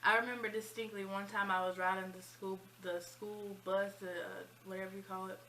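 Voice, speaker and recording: A woman in her twenties telling a personal story in a chatty, animated vlog style. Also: medium pitch, brisk, slight background noise, rough recording. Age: 20s. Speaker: vlogger. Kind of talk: casual storytime.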